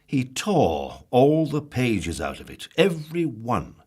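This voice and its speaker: Husky, lively male storyteller. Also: medium pitch. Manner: lively, drawn-out storytelling with questions to the listener. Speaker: storybook narrator. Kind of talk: reading a children's story aloud.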